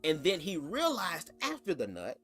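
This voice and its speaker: A man hosts a reaction vlog in a chatty, sassy, profane flow. His voice sits a little high, with faint music in the background. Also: huge pitch swings, normal speed, a bit bright. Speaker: commentary host.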